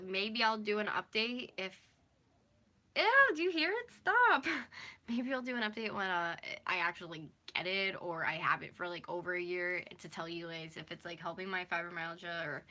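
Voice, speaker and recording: In a lowish, sharp voice, a young North American woman in her early twenties opens up to live stream viewers. The talk is casual and confessional, rambling and constantly peppered with fillers.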